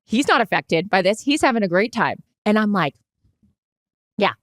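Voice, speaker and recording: Woman co-host, mid-pitch, dry close sound, animated storyteller who swears freely. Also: normal speed, no room sound. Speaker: podcast co-host. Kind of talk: casual chat.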